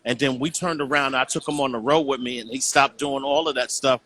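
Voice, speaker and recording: A man's voice: mid-range voice, fairly even intonation, a little fast, a bit bright, a little hiss or hum. A man talking earnestly in a casual call conversation as a guest, often saying "you know what I'm saying".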